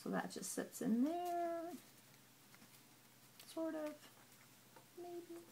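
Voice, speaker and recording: A woman casually walking through a handmade scrapbook album, chatty and gushing, with frequent "um" pauses. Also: very high-pitched, wildly swooping pitch, dark tone, slight background noise. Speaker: papercraft hobbyist.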